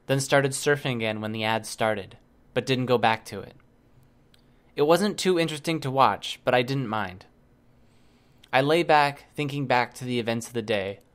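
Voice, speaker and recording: A man's voice: mid-range voice, fairly bright tone. A man narrating an audiobook in the first person, reading evenly and keeping the dialogue understated.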